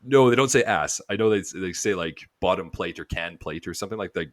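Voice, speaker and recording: Man, deep voice, rambling casual recap, podcast co-host, dry close sound. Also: brisk, dry recording. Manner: rambling retelling full of "like".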